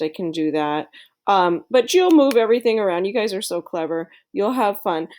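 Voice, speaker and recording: A woman's voice: fairly low pitch, a little mellow. A woman teacher giving a screen-recorded tutorial to her students in a friendly, chatty way, with plenty of fillers.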